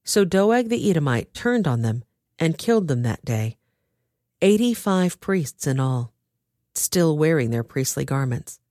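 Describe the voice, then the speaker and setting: A woman narrating a dramatized scripture reading with expressive storytelling. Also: sits low, a little slow, no room sound, studio quality.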